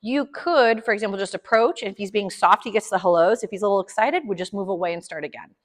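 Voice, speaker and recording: A woman's voice: medium pitch, fast talker, in a large hall. A woman dog trainer explaining a session to her clients, upbeat, chatty and encouraging.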